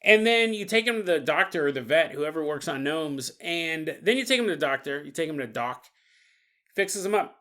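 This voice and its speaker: Here a man hosts a paranormal podcast in a comedic riffing monologue, acting out little scenes and laughing often. His voice is a little high and expressive, with a sharp tone and moderate pace.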